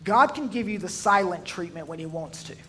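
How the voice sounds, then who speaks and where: A man's voice: high-pitched, animated, brisk, sharp tone, slight background noise. Emphatic, joking male pastor. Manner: humorous storytelling, emphatic swells. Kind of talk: sermon.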